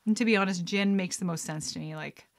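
A woman vlogger with a lowish voice talks fast while playing a trivia card game, reading questions aloud, muttering guesses and laughing. She's chatty and excitable, squealing and laughing when she gets answers right.

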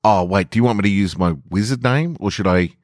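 A man's voice: lowish voice, fairly quick, a little mellow, no room sound, pitched above the performer's own voice, natural voice. Guy putting on a jittery rambling young wizard, eager, keeps saying sorry, bone-dry sound. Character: nervous chatty young male apprentice wizard.

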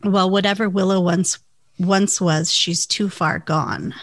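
A woman's voice: on the low side, steady tone, unhurried. A woman co-hosting a casual chat, telling amused asides about the episode. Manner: chatty, amused, storytelling asides. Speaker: podcast co-host.

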